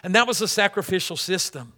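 A man preaching a sermon as pastor, dramatic, swinging between loud and hushed. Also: sits high, animated, fast. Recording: long hall reverb.

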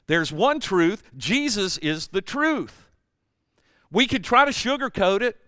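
A male pastor preaches in a conversational, animated way, slipping into the voices of the people he describes. His voice sits high, with a crisp, smooth tone. The sound is close and dry. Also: takes it slowly, no room sound. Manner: conversational and animated, acts out quotes. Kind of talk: sermon.

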